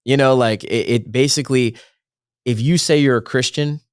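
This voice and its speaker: A man co-hosts a relaxed faith podcast, rambling earnestly and fixing his own words mid-thought. His mid-range voice is smooth and moves at a moderate pace, captured in a dry, clean studio recording.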